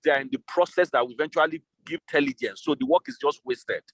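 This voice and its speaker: A man's voice: a little high, quick pace, a bit bright, no room sound. A man, a business consultant, answering interview questions over a remote call, laying out his points step by step. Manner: methodical, lays out scenarios step by step.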